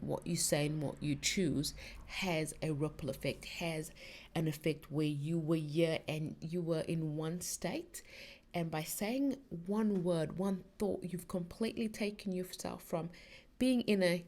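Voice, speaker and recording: Middle-aged female podcast host, slightly low voice, casual rambling spiritual chat. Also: darkish tone. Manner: chatty, rambling, many "like"s and restarts.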